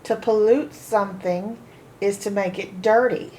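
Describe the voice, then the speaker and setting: A woman teaching a phonics reading lesson, slowly sounding out and repeating each word for practice. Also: medium pitch, fairly even intonation, darkish tone, a little hiss or hum. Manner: slow, deliberate, repeats words for practice.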